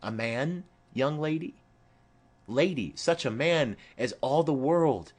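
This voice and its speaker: In an audiobook of a play, a man reads the part of a fond, chattering elderly nurse, rambling through long stories with digressions. His mid-range voice is pushed up, with lively intonation and a slow pace.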